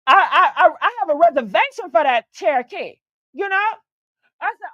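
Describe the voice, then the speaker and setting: A woman hosting a stream, telling a story in a chatty, animated way, swearing freely and calling the listener "girl.". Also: high voice, moderate pace, dry recording, dull audio. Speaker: host. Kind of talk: casual storytelling on a live stream.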